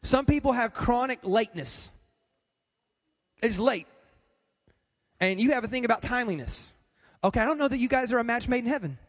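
Male pastor, sermon, very high voice, emphatic, repetitive, long church-hall reverb. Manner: repetitive, emphatic, addresses the congregation.

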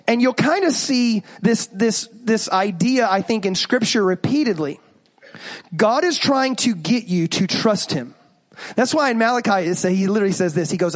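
Preaching with a voice that sits high and a fairly quick pace, this thirtysomething pastor is lively and playful, mixing stories and jokes with questions to his listeners.

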